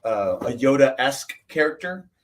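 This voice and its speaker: A man's voice: mid-range voice, lively intonation, a little slow, background noise. A man, an actor guesting on a livestream, chatting casually and rambling through his answers. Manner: rambling, lots of fillers and restarts. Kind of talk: casual chat.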